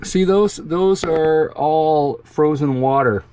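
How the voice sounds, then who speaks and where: A man's voice: on the high side, takes it slowly. Guy vlogging inside his rv, chatty and jokey, laughs at himself, a bit of noise behind. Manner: chatty, self-mocking, laughs often. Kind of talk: casual vlog walkthrough. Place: inside a motorhome.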